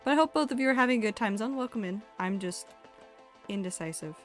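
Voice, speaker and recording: A young woman chats candidly on a live stream, casual and sweary, reading out her chat. Her voice sits at a middling pitch. Soft background music runs underneath. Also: animated, fast talker. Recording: faint music behind.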